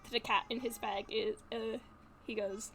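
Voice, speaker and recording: This is a woman playing in a tabletop game with a voice on the higher side, giggly and full of ums and uhs as she describes her character. Faint background noise sits behind her. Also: level tone, moderate pace, a bit bright. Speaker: player.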